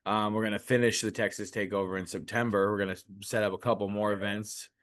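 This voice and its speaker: A man's voice: on the low side, little pitch movement, fast talker, fairly bright tone, dry recording, studio quality. A man co-hosting a podcast, speaking earnestly and thoughtfully about his own experiences in casual chat. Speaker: podcast co-host.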